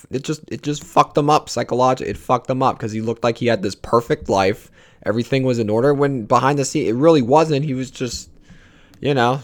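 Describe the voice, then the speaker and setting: A man's voice: mid-range voice, vocal fry. A young man hosting a casual solo podcast, rambling and swearing freely, with many restarts. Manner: rambling, profane, restarts a lot. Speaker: podcast host.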